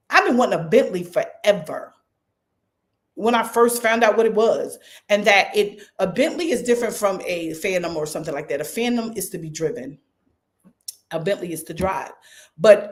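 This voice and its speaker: Animated woman pastor preaching. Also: medium pitch. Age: 50s. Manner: animated, conversational, addressing the crowd as y'all. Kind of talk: sermon.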